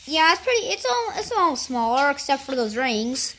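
A woman giving casual commentary over a space game, thinking aloud with lots of fillers and sudden excited outbursts. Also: sits high, moderate pace. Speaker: gameplay commentator.

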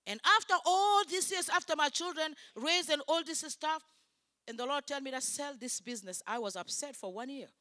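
Woman preaching, high bright voice, emphatic, broken English, dry close sound. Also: fairly quick, no room sound. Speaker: guest preacher. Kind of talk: sermon.

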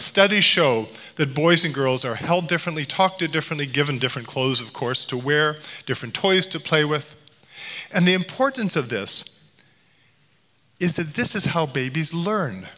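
A middle-aged man lectures to an audience, his voice bright and a touch high. He tells stories lightly and slips into playful impressions now and then. His voice rings with the long reverb of a large hall. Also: animated, brisk. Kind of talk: public lecture.

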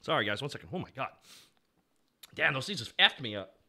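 Animated, bright-voiced commentary guy. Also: mid-range voice, a little fast, creaky. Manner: animated, swears freely, rambling. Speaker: streamer and writer commenting on his old series. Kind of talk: casual stream commentary.

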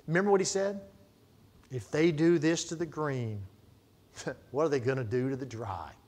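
Delivering a sermon at a moderate clip, a middle-aged male pastor speaks at medium pitch. He tells stories, alternating between booming emphasis and hushed side remarks.

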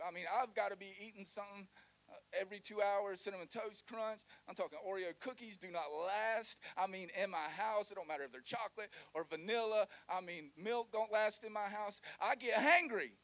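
High-voiced animated preacher man. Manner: animated, joking, call-and-response with congregation. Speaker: pastor. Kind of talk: sermon.

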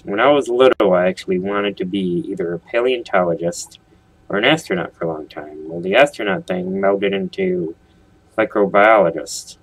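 A man with a deep, slightly husky voice gives casual gameplay commentary. He rambles from topic to topic, tossing jokes and questions at his viewers. His talk is loose and chatty. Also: normal speed, dry recording, low-quality recording. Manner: rambling, jokey, talks straight to viewers. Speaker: let's play host.

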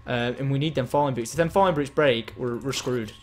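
A man giving excitable live gameplay commentary as a game streamer, chatting with and thanking his viewers. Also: mid-range voice, fairly quick, slight background noise.

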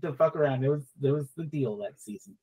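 A woman's voice: low-pitched, quick pace, mellow. A woman hosting a casual podcast chat over a video call, introducing her guests with playful jokes. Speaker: podcast host.

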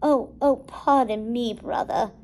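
A sly, drawling villain lion with a mocking tone, as a woman reads him aloud. He stretches his words in a lazy, scheming way. The voice sits somewhat high in pitch, as in a storybook reading. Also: unhurried, darkish tone.

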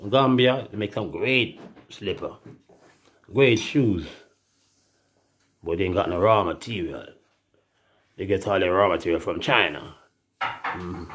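A Jamaican man in a rambling, profane casual monologue, breaking into laughing asides. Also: on the low side. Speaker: musician.

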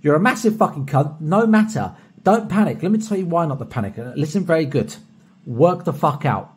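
A young British man recording a personalized video shoutout, boisterous and heavily profane, swinging from soft to loud. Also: fairly high pitch, lively intonation, brisk, breathy edge. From Britain. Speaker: streamer recording a paid shoutout.

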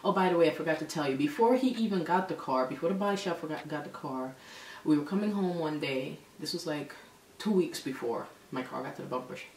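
A woman telling a story in a casual vlog, animated and exasperated. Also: sits low, fast talker. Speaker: vlogger. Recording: echoey room, mic at a distance, faint background noise.

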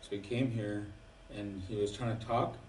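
Man, casual chat, lowish voice, off-mic with room echo. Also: fairly even intonation, moderate pace, distant mic, a little hiss or hum. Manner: chatty, tells anecdotes with fillers. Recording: roomy, from off-mic.

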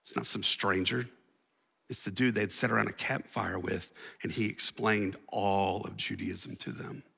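A man's voice: lowish voice, steady tone, measured pace, gravelly, pushed and bright, slightly rough. A male pastor preaching a sermon in a casual, slangy storytelling way. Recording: reverberant church hall.

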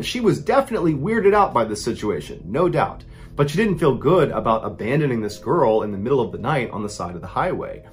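Man, true-story host, suspenseful narration, animated intonation, mid pitch. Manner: builds suspense, rising pitch and loudness in tense moments.

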